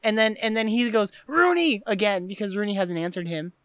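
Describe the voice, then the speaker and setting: Animated woman podcast host, dry sound. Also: medium pitch, fast talker, clean tone, no room sound. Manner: animated, recounts scenes with lots of "like" fillers. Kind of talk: casual podcast chat recapping a film.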